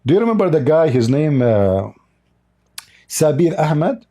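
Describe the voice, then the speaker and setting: Mellow-voiced man, mocking livestream host. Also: a little high, big pitch swings, measured pace, pauses often. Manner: mocking, sarcastic. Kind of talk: livestream polemic commentary.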